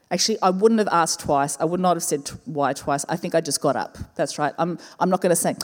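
A woman, a pastor telling a personal story in a sermon, expressive and slowing down to repeat key words. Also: on the low side. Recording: reverberant church hall with faint music.

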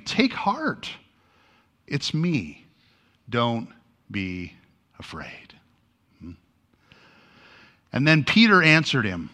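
A pastor preaching a sermon, telling a story with lively energy and acting out the lines he quotes. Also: a little high.

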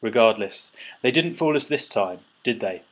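Pompous sneering seagull boss, overfed and loud, read by a man with a husky voice. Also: mid-range voice, lively intonation, moderate pace, lightly acted. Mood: accusing. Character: pompous overfed male seagull border chief.

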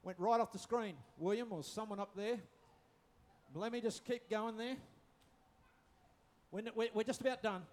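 A man's voice: sits high, moderate pace, long pauses, a little mellow. A man preaching a sermon, joking with his listeners and repeating his phrases. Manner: humorous, acting out quotes, repeats phrases.

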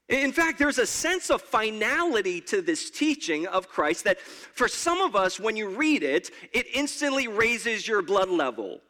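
A man's voice: very high-pitched, very animated, moderate pace, pushed and bright. A man pastor preaching a sermon in a church in a conversational way, often stammering and repeating his words. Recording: long hall reverb.

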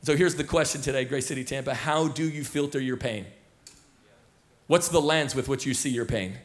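In a church auditorium, a man in his thirties who serves as senior pastor delivers a sermon. He tells it like a loose story, with frequent fillers and restarts. His voice is mid-range, at a normal speed.

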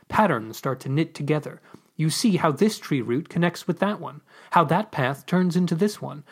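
A writer reading his own story on a podcast. His narration is animated and lively in pitch, and he takes care over each turn of the story. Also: breathy edge.

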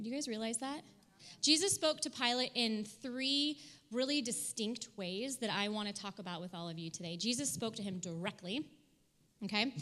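A woman's voice: fairly high pitch, fairly bright tone. A woman giving a casual, conversational sermon, retelling a story in everyday slang and acting out the characters' lines. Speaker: pastor. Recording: long hall reverb.

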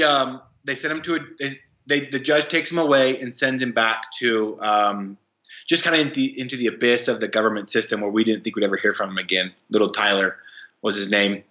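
A young man tells his story in a halting, restart-heavy way with a bright, forceful voice. His sound is roomy and a little dull and lo-fi. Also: mid-range voice. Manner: halting, many fillers and restarts. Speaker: guest, anti-trafficking worker. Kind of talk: casual storytelling interview.

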